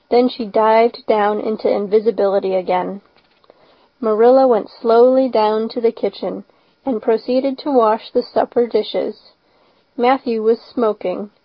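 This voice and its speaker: A woman narrates an audiobook in a measured, expressive storytelling voice. Her pitch sits somewhat high, and the sound is dry and close with a slightly dull, lo-fi tone. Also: dry recording.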